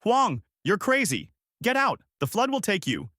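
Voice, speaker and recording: A man's voice: sits high, huge pitch swings, measured pace, sharp tone, dry recording, clean studio sound, voice pushed up, exaggerated voice. A man voicing a protective older village uncle who bellows orders in a flood. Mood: desperate.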